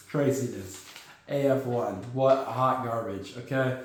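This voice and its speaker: A man hosting a sports podcast, talking casually in an animated, sarcastic, joking way. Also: mid-range voice, slow pace, slight background noise. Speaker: podcast host. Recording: very echoey room.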